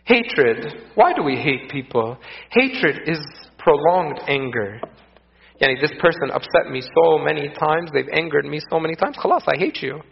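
A man's voice: a little high, lively intonation, moderate pace, creaky. A man preaching a sermon, earnest and repeating phrases for emphasis. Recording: echoey, dull lo-fi room sound.

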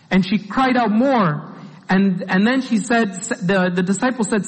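High-voiced man preaching in an echoing hall. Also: measured pace, slightly rough. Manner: earnest, asks the listeners rhetorical questions. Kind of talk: informal sermon. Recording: long hall reverb.

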